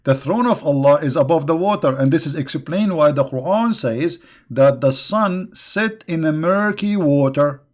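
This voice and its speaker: A man's voice: a little high, normal speed. A man hosting an online religious debate who mocks, laughs at his own jokes and keeps throwing rhetorical questions at his listeners, speaking with non-native grammar. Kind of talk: sarcastic religious debate talk.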